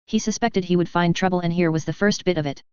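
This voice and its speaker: Clear-voiced woman reading a story. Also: on the low side, steady tone, fast talker, darkish tone, dry recording. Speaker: narrator. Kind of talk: audiobook reading of a sci-fi story. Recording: dull, muffled recording.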